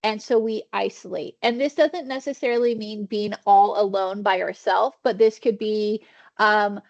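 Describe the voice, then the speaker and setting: Gravelly woman leading a video call training. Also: mid-range voice, steady tone, normal speed. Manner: warm conversational teaching, acts out inner thoughts. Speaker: wellness trainer. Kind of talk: virtual training session. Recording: dull lo-fi video call audio.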